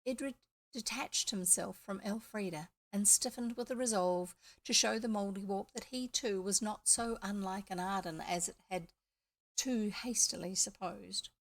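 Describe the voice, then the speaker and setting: A woman's voice: mid-range voice, moderate pace. A woman with a New Zealand accent reading a classic children's book aloud, with chatty asides. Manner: lively storytelling with chatty asides. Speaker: audiobook reader.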